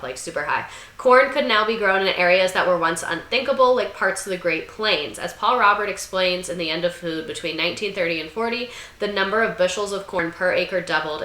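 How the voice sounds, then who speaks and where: Sassy young woman host, crisp bright tone in an echoey room, swears freely and riffs sarcastically. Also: on the low side. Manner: irreverent, swearing, sarcastic asides; slips into mocking voices. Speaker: video essay host. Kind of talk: comedic history commentary. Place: room under bright lights.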